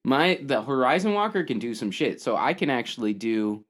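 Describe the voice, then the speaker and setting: A man's voice: medium pitch, sing-song, normal speed, a bit bright. A man in casual chat as a tabletop game player, eagerly rattling off rules.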